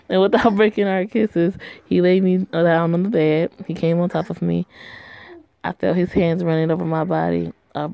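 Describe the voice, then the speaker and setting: A woman reads a story game aloud and talks back at its characters in blunt, profane asides. Her voice sits low with a gravelly fry. The delivery is casual, like a play-through. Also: steady tone, normal speed, dry recording, lo-fi sound.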